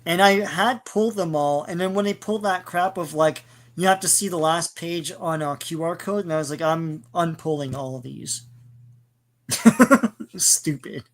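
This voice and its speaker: Casual guy cohosting a comics podcast, bit higher voice, lots of ums. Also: moderate pace, a bit bright. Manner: chatty, casual, lots of fillers. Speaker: comic book podcast co-host. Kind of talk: casual chat.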